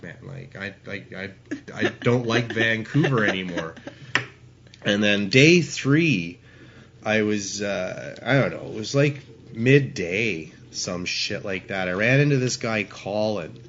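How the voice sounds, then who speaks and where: Slight background noise and cut-off highs mark this clip of a forties-aged Ontario man, from Canada, guesting on a podcast. His lowish voice is a bit bright as he rambles through a profane story, often starting over.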